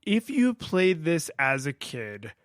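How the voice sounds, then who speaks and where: A man with a voice a touch higher than most talks through a retro game review. He rambles, stops to restart his thoughts, and sprinkles in fillers. It sounds close-miked and dry, with no room sound. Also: slow, dry recording. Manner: rambling, lots of fillers and restarts, acts out his own past excitement. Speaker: podcast co-host.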